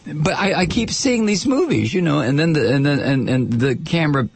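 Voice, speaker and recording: A man's voice: fairly high pitch, expressive, normal speed, vocal fry, slight background noise. A man hosting a radio talk show, delivering a sarcastic, incredulous, rambling monologue full of restarts.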